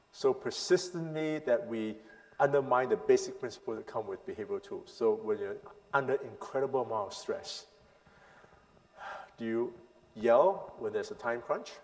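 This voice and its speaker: A man teaching a parenting seminar as a sermon, emphatic, asking the crowd rhetorical questions and swinging between loud and hushed lines. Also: mid-range voice. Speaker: pastor leading a parenting seminar. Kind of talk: sermon-style teaching to a congregation. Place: church hall. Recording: long hall reverb.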